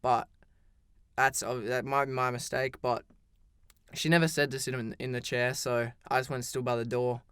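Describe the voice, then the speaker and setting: A man's voice: mid-range voice, level tone, moderate pace, fairly bright tone, clear, resonant tone, dry recording, clean studio sound. A teenage boy telling a story in a casual, rambling storytime style, full of "like" and restarts. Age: teens. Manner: rambling, heavy use of "like", frequent restarts.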